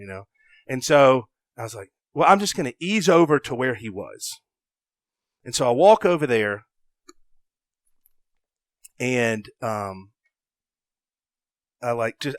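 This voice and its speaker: A young adult man from the South, a podcast guest telling a story in an animated way. He swings from loud bursts to hushed asides and acts out his own thoughts. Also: mid-range voice, no echo. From American South.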